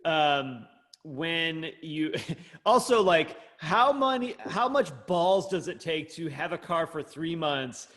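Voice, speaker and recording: A man's voice: on the high side, sing-song, takes it slowly, fairly bright tone. Blunt, foul-mouthed man co-hosting a podcast. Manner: blunt, swears freely, joking. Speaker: podcast co-host. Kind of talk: casual chat.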